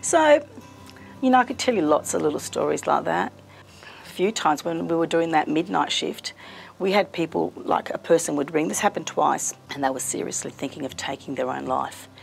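A middle-aged woman with a fairly low, gravelly voice, telling stories in a chatty, lively way as a community radio presenter. Soft music plays faintly underneath. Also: moderate pace. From Australia. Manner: warm, chatty, lively storyteller. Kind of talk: casual interview storytelling.

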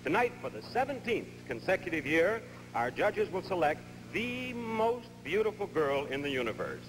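A man hosting a televised beauty pageant, greeting the audience and introducing the evening in a smooth, formal presenter's delivery. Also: high voice, big pitch swings, moderate pace, big-room sound, background noise. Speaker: pageant host. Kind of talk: formal broadcast announcing. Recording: archival TV broadcast with loud music.

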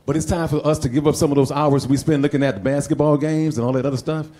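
Middle-aged man, mellow tone, earnest panel appeal. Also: on the high side, steady tone, quick pace. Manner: earnest, urging the community to act. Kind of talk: panel talk.

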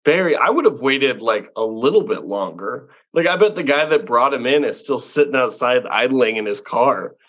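A man's voice: medium pitch, expressive, normal speed, few pauses, fairly bright tone. A man co-hosting a podcast, chiming in with wry, teasing remarks in casual chat. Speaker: podcast co-host.

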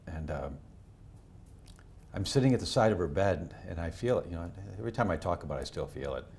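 A middle-aged man, a doctor, telling personal family stories in an interview, earnest, his voice going from animated to hushed. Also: low-pitched, brisk, slight background noise. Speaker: doctor and health educator. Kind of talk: emotional personal storytelling in a podcast interview.

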